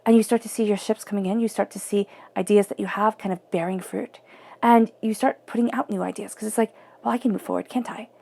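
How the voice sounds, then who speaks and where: A woman's voice: medium pitch, fairly even intonation, a little fast, creaky, mellow. A woman giving a spoken tarot reading in a flowing, searching way, often repeating and rephrasing her words. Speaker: tarot reader.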